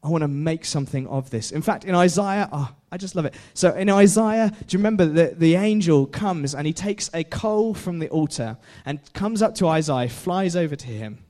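A man's voice: high-pitched, expressive, normal speed, hardly any pauses, darkish tone. A young man preaching a casual sermon, chatty, laughing often and putting questions to his listeners. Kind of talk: informal sermon.

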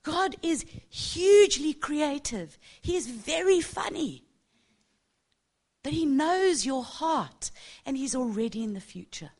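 A woman's voice: high voice, animated, takes it slowly, a little mellow. A middle-aged woman teaching a church group on prophecy, passionate and chatty, often tagging her points with "yeah?". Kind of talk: informal teaching talk.

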